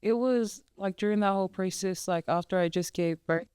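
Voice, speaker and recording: A young woman talking as a guest in a casual podcast conversation, halting, with many fillers and restarts. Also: medium pitch, darkish tone, clear, resonant tone, dry recording, clean studio sound. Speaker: guest, mother of three.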